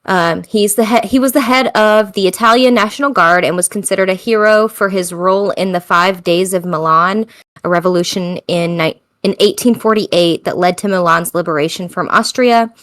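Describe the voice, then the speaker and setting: A woman's voice: medium pitch, fairly even intonation, normal speed, fairly bright tone. An American woman hosting a podcast in casual chat, tired, chatty and self-mocking, laughing often. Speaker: podcast host.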